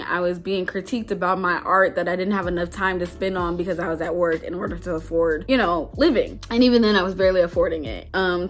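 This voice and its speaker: Heartfelt young woman talking to camera. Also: medium pitch. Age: 20s. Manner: candid, heartfelt, laughs nervously. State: emotional, near tears. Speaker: vlogger. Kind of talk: personal talk to camera.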